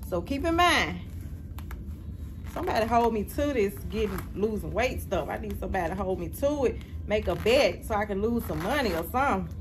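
A woman's voice: medium pitch, animated, brisk, background noise. A woman chatting casually to her viewers in a home vlog, reviewing a product and calling her audience "y'all". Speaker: vlogger. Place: at home indoors.

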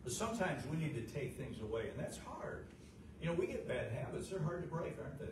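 A fervent middle-aged male pastor preaching in a folksy way, with a fairly high voice that climbs louder at its peaks and sinks low and quiet. He sounds set back from the mic in a roomy church sanctuary, with a steady noisy hiss in the recording. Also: a little fast, recorded from a distance. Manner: folksy, with frequent "uh" fillers. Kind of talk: sermon.

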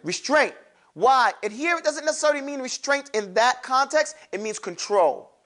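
A man's voice: very high voice, animated, normal speed, a bit bright. A man teaching a classroom lesson on pronouncing letters for Quran recitation, animatedly drilling his class to repeat sounds aloud.

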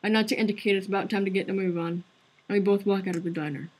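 A woman's voice: mid-range voice, steady tone, racing, a little mellow, husky, low-quality recording. A woman streaming a visual novel, narrating its story aloud in an earnest, conversational way. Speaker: game streamer.

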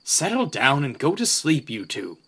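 A man voicing a stern grown man who drives the engines, in a low, firm tone. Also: wildly swooping pitch, normal speed, fairly bright tone, breathy edge, heavily acted.

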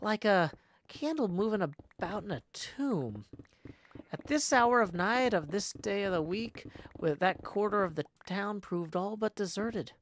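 Woman reading a old novel out loud on stream, takes it slow, dry close mic, little stumbles here n there. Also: mid-range voice, no room sound. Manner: expressive reading with small stumbles and self-corrections. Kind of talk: unhurried dramatic read-aloud.

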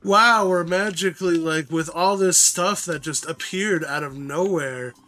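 Energetic man barking game orders. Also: fairly high pitch, unhurried, soft background music. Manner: energetic, bossy play-calling, teasing. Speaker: host. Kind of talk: playing a cooking game with friends.

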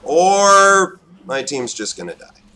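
A young man provides live gameplay commentary, excitable and swinging between loud outbursts and low mutters, speaking slowly.

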